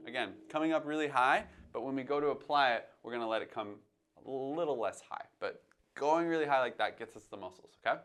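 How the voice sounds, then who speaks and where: A man teaching jazz drumming, calmly coaching and counting beats aloud between demonstrations. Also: medium pitch, fairly quick, clean tone. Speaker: drum teacher. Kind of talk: instructional demonstration. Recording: drums playing behind the voice. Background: drum playing between phrases.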